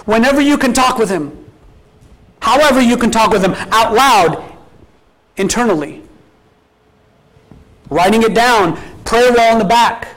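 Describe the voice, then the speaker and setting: A man's voice: very high voice, unhurried, pauses often, fairly bright tone, rough recording. A man preaching a sermon as pastor, talking casually and putting many questions to his congregation, with scripture quotes mixed in. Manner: quotes scripture at an easy speaking pace.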